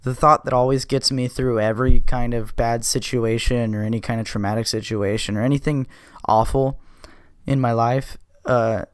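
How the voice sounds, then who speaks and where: Clean studio sound with no room sound carries a man's mid-range voice as he hosts his own podcast. Recounting something from his life, he swears, speaks bluntly and restlessly, and keeps tripping over and fixing his words.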